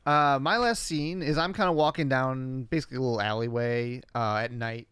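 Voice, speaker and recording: A man co-hosting a podcast, casually retelling scenes in a relaxed, wry way with filler words. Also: mid-range voice, fairly quick, clean tone, dry recording. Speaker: podcast co-host. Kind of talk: casual recap chat.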